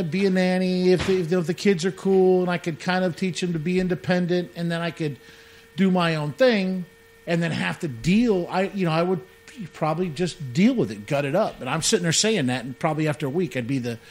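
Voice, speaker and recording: A man's voice: sits high, a little hiss or hum. A man co-hosting a radio show, chatting casually in a rambling, joking way and often saying "man". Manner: rambling, jokey, says "man" a lot. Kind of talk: casual chat.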